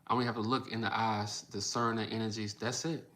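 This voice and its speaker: Man, livestream host, blunt and repetitive, bright tense voice. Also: fairly low pitch, a little fast. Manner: blunt, animated, repeats phrases for emphasis. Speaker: livestream host reading chat. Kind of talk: casual livestream commentary.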